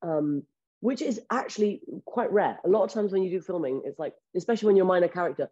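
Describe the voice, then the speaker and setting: A woman actress being interviewed in casual chat, candid and quick, swearing now and then. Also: lowish voice, expressive, warm tone, husky. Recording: dull lo-fi audio.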